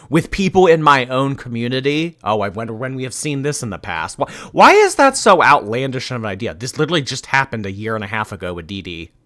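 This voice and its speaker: Sarcastic man with a bright voice. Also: mid-range voice. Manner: sarcastic, mocking. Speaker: commentary channel host. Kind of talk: commentary on video clips.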